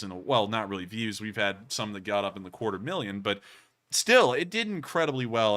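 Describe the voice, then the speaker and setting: A man hosting a livestream, chatting casually and rambling as he answers donations. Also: medium pitch. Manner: rambling, lively, frequent fillers and restarts. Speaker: livestream show host.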